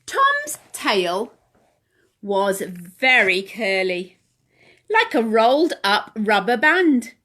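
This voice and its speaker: A woman's voice: mid-range voice, wildly swooping pitch, very slow, pushed and bright. A woman leading a home playgroup, reading a picture book aloud to toddlers and asking them questions. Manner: asks children questions, sing-song. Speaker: playgroup leader.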